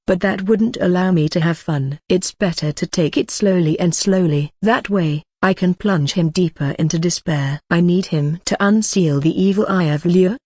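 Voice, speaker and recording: A woman with a somewhat low voice narrates a novel aloud, in an even, steady reading that speaks punctuation marks as words. The recording is dry and close, with no room sound around her. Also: no echo. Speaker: audiobook narrator. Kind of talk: scripted narration of a translated novel.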